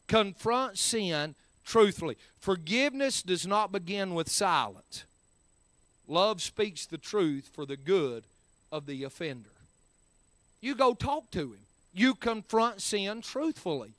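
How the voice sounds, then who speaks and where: A man delivers a sermon in a high, bright, smooth voice. He drives his points home by repeating them, swinging between loud emphasis and quieter stretches. The sound is dry and close. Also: very animated, takes it slowly, dry recording. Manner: repeats key phrases, rising and falling emphasis. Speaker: preacher.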